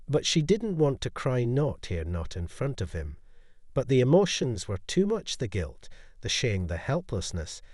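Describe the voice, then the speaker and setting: A man narrating a scripted dramatic story in an even, storytelling manner. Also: fairly low pitch, dry recording, studio quality.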